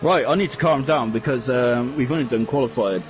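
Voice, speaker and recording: A man commentating a sim racing league live, excitable and chatty, shouting at the big moments. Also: mid-range voice, brisk, soft background music. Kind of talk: live esports race commentary.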